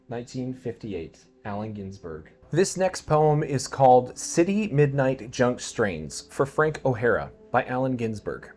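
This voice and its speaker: A man giving a dramatic poetry reading, swinging between quiet musing and loud declamation. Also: medium pitch, sing-song, measured pace, hardly any pauses. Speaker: poetry reader.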